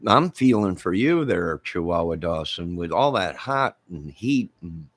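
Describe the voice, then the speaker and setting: Slow, low-voiced rambling man. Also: sing-song. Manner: rambling, joking, drawling. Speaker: livestream host. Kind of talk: casual chat with live viewers.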